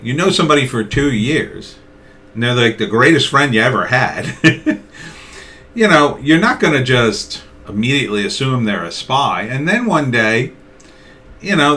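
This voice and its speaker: A middle-aged man giving a casual political opinion monologue, acting out both sides of imagined conversations. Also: mid-range voice. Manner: acts out both sides of imagined dialogues, animated. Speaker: political commentator.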